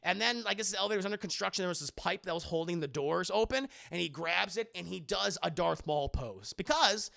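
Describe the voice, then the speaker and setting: A man streaming a scene-by-scene movie recap to his live chat, high-pitched with a heavily gravelly, bright and forceful tone. His pitch jumps around as he talks, and he drops into quick imitations of the characters. He is loose and profane throughout. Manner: animated and profane, quickly acting out characters' lines. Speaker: streamer and film reviewer.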